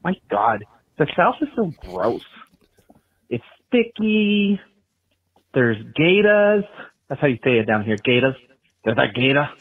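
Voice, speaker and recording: A man's voice: medium pitch, big pitch swings, a little fast, husky. A man voicing a petty, boastful man with a lisp who leaves rambling voicemails and waves things off with "blah, blah". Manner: dismissive, trails off into "blah, blah". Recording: dull lo-fi voicemail audio.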